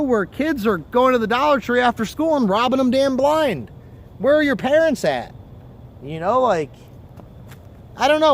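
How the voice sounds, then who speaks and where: A man with a notably high voice hosts a fishing livestream from the water's edge. He talks in a loose, rambling, profanity-laced way, as if chatting with friends. A faint hiss of outdoor ambience sits under his voice. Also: fairly bright tone. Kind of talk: casual chat. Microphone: phone or camera on a livestream.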